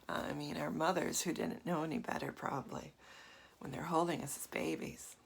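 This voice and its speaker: A woman's voice: sits low, fairly even intonation, a little fast, vocal fry, slightly rough. A woman in her forties giving a casual, confiding talk as a meditation teacher, often dropping to a half-whisper. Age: 40s. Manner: soft, confiding, with frequent fillers and laughs.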